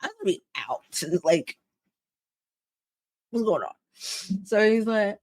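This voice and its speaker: A young woman on a podcast, telling a story in a loose, profane, animated way and acting out both sides of each exchange. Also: mid-range voice, slow pace, long pauses, no room sound, clean studio sound. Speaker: podcast co-host. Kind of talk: casual storytelling chat.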